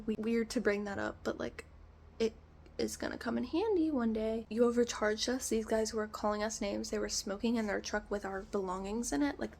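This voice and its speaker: A woman's voice: on the high side, gravelly, a little mellow, a little hiss or hum. Exasperated young woman ranting a storytime. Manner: exasperated ranting storytelling, acting out phone calls. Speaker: vlogger. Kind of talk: storytime vlog.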